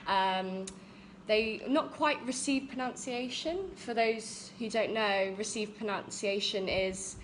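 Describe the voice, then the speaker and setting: A young woman with a standard southern English accent, a guest teacher chatting in a live-stream interview, pausing often on "um". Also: mid-range voice, slight background noise, rough recording. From England. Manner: chatty, with many "um" pauses.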